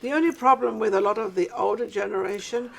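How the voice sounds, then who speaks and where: A British woman hosting a casual interview show in a studio, chatty and rambling, quick to agree with her guest. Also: mid-range voice, creaky, fairly bright tone. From Britain. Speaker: talk show host. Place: studio in an office building.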